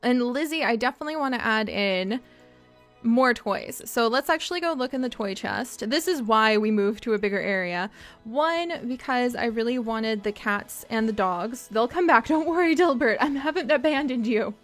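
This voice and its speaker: A young woman with a high, bright-pitched voice chats excitedly through a live gameplay stream. She gushes thanks at her viewers in a bubbly, excitable way. Faint game music plays quietly behind her. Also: moderate pace.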